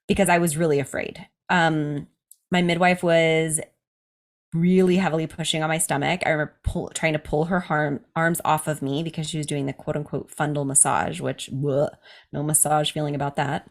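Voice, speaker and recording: A woman's voice: sits low, normal speed. Candid woman telling a personal story. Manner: candid, laughs often, quotes others in livelier voices. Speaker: podcast host telling her birth story. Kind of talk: casual storytelling chat.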